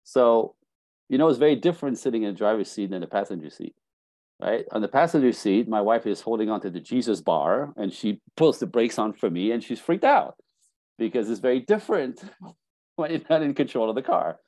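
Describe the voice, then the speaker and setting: A middle-aged man, a dating coach, telling lively stories on a podcast and acting out bits of dialogue. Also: mid-range voice, a little fast, no echo. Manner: animated storytelling, acting out dialogue. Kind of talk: casual podcast conversation.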